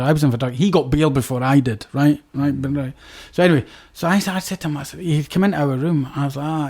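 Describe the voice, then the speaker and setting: A man's voice: a little high, a little mellow. A man, a podcast guest, telling a rambling prison story in casual talk, with frequent "right?" checks.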